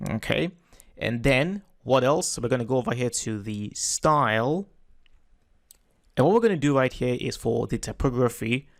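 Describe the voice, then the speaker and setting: A man's voice: medium pitch, no echo, clean studio sound. Man walking through a screen tutorial. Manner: relaxed, self-correcting step-by-step walkthrough. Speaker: web design tutor. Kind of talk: screen-recorded software tutorial.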